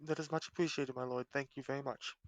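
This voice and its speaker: A man's voice: medium pitch, steady tone, quick pace, dry recording. A man playing his character in a tabletop game, speaking politely and formally with some hesitation. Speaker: player.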